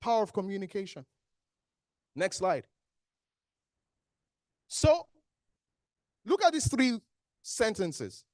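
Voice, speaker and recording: Medium in pitch, this voice is slow with long pauses, studio quality and no room sound. A Nigerian-accented trainer runs an interactive workshop for an audience in a training hall, animated as he poses questions to the room and answers them.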